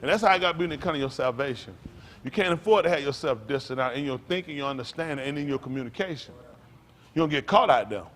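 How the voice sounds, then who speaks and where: Man, pastor, sermon, somewhat high voice, repetitive, loud and soft swings. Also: expressive, fast. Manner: conversational preaching, calls out to the congregation; repeats phrases, swings from low murmurs to loud raised lines.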